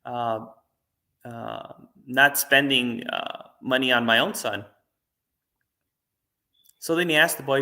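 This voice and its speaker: A man, a Buddhist monk, giving a dharma talk and telling a teaching story in a relaxed, conversational way. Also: mid-range voice, takes it slowly, long pauses. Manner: relaxed, conversational, many fillers.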